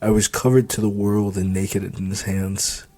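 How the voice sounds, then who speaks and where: A man with a low voice reads his own novel aloud, telling the story in the first person. His audiobook narration is steady and even. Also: moderate pace. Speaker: author reading his novel.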